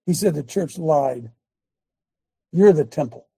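Gravelly, husky high-voiced preacher. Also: male voice, animated, slow, dark tone, dry recording. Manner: folksy, emphatic, talks to his tech aloud. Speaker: preacher hosting a live show. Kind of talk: casual preaching commentary.

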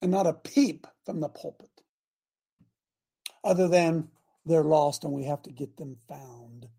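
An older man hosting a talk show, preaching in an impassioned, repetitive way full of rhetorical questions, with a raspy voice. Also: fairly high pitch, a little slow, warm tone. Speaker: host.

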